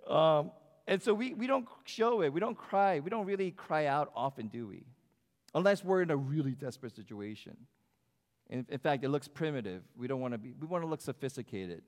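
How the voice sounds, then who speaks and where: A man's voice: a little high, lively intonation, brisk. Man preaching in a reverberant sanctuary. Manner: conversational, asks the congregation questions. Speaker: pastor. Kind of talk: sermon. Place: church sanctuary. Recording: long hall reverb.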